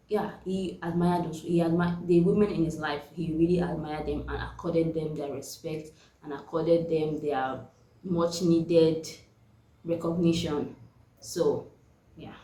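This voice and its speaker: A woman's voice: low-pitched, a little hiss or hum. A young woman, chatting casually and animatedly as she reviews a book on her vlog. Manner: chatty and animated, laughs often. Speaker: book vlogger. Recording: echoey room.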